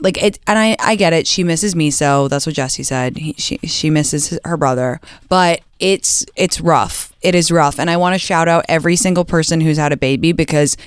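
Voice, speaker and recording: A woman's voice: low-pitched, a little fast, few pauses, clean tone, no room sound, studio quality. A young woman hosting a podcast, chatty and dramatic, laughing often in casual talk. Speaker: podcast host. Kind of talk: casual chat.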